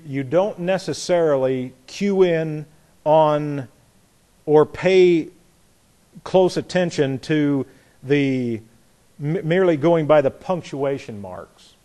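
A man with a slightly high voice leads a Bible study class. He talks deliberately, restarts and repeats words, and puts questions to his listeners. When he reads scripture aloud, he leans on the key words. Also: warm tone. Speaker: Bible teacher.

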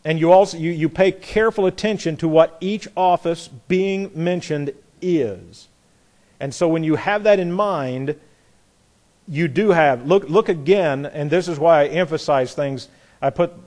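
A man's voice: fairly high pitch, darkish tone. A man leading a Bible study class, explaining a passage step by step, asking students questions and reading scripture with stress on key words. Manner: deliberate, repeats words, asks the class questions. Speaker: Bible teacher.

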